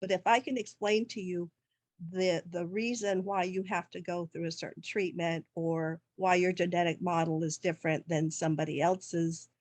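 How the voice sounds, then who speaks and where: A woman's voice: fairly low pitch, fairly even intonation, moderate pace, a little mellow, no room sound. Chatty, keen woman on a dry video call with a long question. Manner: eager, talkative, run-on sentences. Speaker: webinar audience member asking a question. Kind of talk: casual video-call chat.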